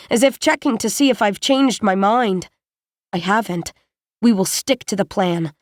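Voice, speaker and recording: A woman reading a first-person audiobook in a steady, measured storytelling manner, close to a studio mic. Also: a little high, dry recording. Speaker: audiobook narrator.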